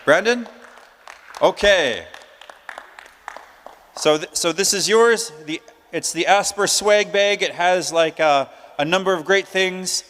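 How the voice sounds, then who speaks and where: A man's voice: high voice, takes it slowly, pauses often, fairly bright tone, a faint crowd. A man emceeing a prize draw at a conference, upbeat, joking and chatty as he calls out names. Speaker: emcee drawing prize winners. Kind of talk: live announcing at a conference. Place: large conference hall. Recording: long hall reverb.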